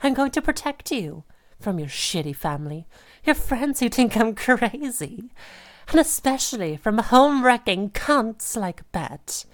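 A woman playing a volatile, obsessive young woman in an audio role-play monologue, swinging between sweet cooing and sudden rage with breathy, hushed asides. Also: fairly high pitch, big pitch swings, a little slow. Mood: sweetly obsessive. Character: volatile, obsessive young woman who holds her partner captive.

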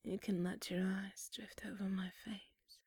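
A young woman in a whispered role-play, murmuring coaxing, teasing directions with soft little laughs. Her whisper is very airy and mellow, with a faint gravelly edge, and she takes her time over every word. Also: mid-range voice, flat delivery, unhurried, no room sound. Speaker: ASMR role-play performer.

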